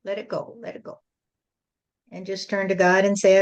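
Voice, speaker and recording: A woman's voice: mid-range voice, slow, long pauses, lo-fi sound. A woman channeling a spirit who gives a preachy spiritual lesson to a group and often repeats "you see".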